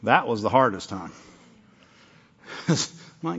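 A man's voice: mid-range voice, expressive, measured pace, long pauses, a bit bright, breathy edge. A man preaching a sermon in a conversational way, often breaking off and acting out little dialogues. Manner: conversational, self-interrupting, acts out little dialogues. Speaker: pastor. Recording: dull lo-fi recording.

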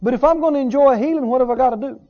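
A man's voice: very high voice, racing, highs cut off. A man preaching a sermon to his congregation, teaching earnestly with repeated phrases and rhetorical questions. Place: church service with a congregation.

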